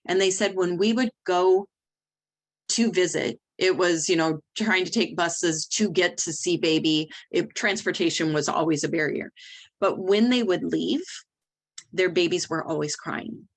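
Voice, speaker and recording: Woman, middle-aged, slightly low voice, direct and candid, interview storytelling. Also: unhurried. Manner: candid, direct, animated retelling. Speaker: nursery nurse leader.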